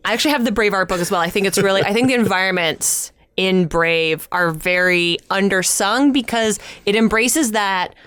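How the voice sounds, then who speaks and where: A woman's voice: medium pitch, moderate pace, hardly any pauses, a bit bright, clear, resonant tone, no echo, studio quality. A woman co-hosting a geek podcast, talking with enthusiasm and laughing often. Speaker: podcast co-host. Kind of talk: casual chat.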